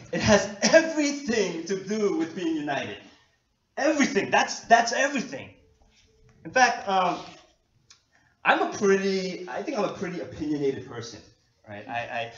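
High-voiced pastor preaching in an echoey hall. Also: male voice. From New York. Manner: animated, self-deprecating, laughing often. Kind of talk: conversational sermon. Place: church hall. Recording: echoey dull lo-fi hall recording.

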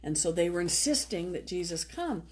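A woman preacher giving a sermon in a church, reading scripture and then retelling the story in a relaxed, conversational way. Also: lowish voice, normal speed. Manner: conversational, retells story with lively voiced quotes.

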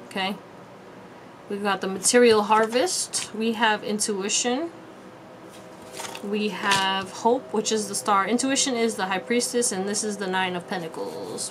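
A woman's voice: medium pitch, background noise. A woman giving a casual pick-a-card tarot reading to viewers, chatty and slangy with frequent laughs. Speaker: tarot reader.

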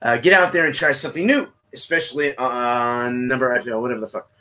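A man's voice: mid-range voice, quick pace, pushed and bright. A man hosting a solo beer livestream, his voice right in the middle of the range for a man. He talks in a loose, rambling way to his chat, tripping over and repeating words. He drops a casual curse here and there, recorded on a computer mic. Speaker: beer review livestream host.

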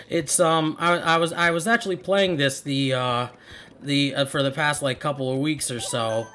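A man's voice: medium pitch, pushed and bright. A man giving casual, rambling let's-play commentary as host, chuckling and trailing off mid-thought. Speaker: gameplay video host. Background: game music.

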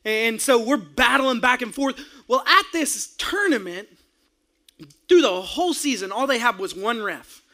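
A man preaching a sermon, his voice pitched unusually high for a man. He tells a lively story with energy, raising his voice to shout and then laughing. The tone is forceful and bright. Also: a little slow. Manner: animated, acts out his own outbursts with shouting and laughter. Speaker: pastor.

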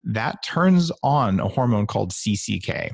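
A man's voice: lowish voice, big pitch swings, measured pace, gravelly, husky, no echo. A middle-aged man, a guest author, talking playfully on a podcast and acting out little voices as he explains. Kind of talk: animated podcast talk.

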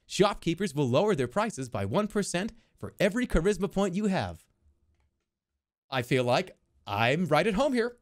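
A man streaming a video game in casual, jokey commentary, reading the on-screen text aloud and reacting with excitement. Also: high voice, moderate pace.

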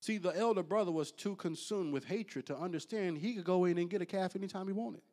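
A man preaching a sermon as pastor, swinging between loud high bursts and quiet, low asides. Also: brisk.

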